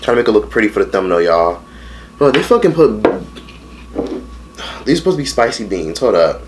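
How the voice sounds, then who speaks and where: A man's voice: fairly low pitch, very animated, a little fast, a little hiss or hum. A man in his late teens telling a story in a casual mukbang vlog, blunt and profane, rambling with lots of fillers. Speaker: vlogger.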